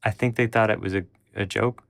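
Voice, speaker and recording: A man's voice: lowish voice, fairly even intonation, fairly quick, vocal fry, no echo, clean studio sound. A man telling a personal story, rambling with frequent restarts and acting out what people said. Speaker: channel host.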